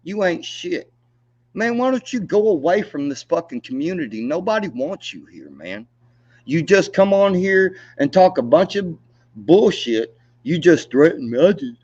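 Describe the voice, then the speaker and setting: This livestream co-host speaks in a rather high, husky, mellow voice, very animated yet a little slow. He angrily taunts and swears through a heated rant, laughing mockingly, all captured in lo-fi sound.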